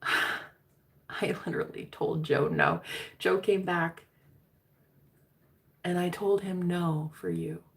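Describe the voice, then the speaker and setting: A woman's voice: on the low side, steady tone, takes it slowly, vocal fry, long pauses. A woman casually telling a personal story to her viewers, candid and profane, calling them girl. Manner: candid, profane, chatty, addresses listeners as girl. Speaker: tarot reader.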